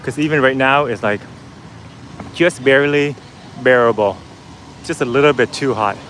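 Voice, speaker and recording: A man's voice: mid-range voice, moderate pace, fairly bright tone, a little hiss or hum, poor audio. A man vlogging casually as he walks outdoors, chatting with his viewers and laughing easily. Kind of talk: casual walking vlog. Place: outdoors on a busy city street.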